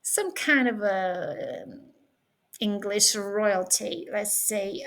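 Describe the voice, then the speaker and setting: A woman's voice: mid-range voice, very animated, very slow, creaky, a bit bright. A Norwegian woman speaking English, talking into a webcam at home in a playful, giggly, rambling way. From Norway. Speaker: vlogger. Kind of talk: casual vlog chat.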